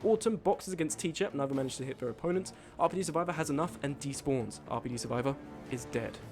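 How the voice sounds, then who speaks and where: A man hosting a live stream, reading out game events in casual commentary, excitable and swearing freely while joking with his chat. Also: fairly high pitch, fast talker, music in the background. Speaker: streamer host.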